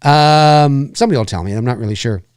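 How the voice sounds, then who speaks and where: A man's voice: mid-range voice, fast talker, darkish tone, smooth, no echo, studio quality. A man with a Canadian accent hosting a live stream, chatting casually and rambling with lots of fillers and restarts.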